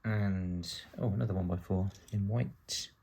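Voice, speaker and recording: A man's voice: low-pitched, steady tone, normal speed, heavy background noise. A British man from the UK giving casual build-along narration as a vlogger, chatty and full of wry asides while he works. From United Kingdom.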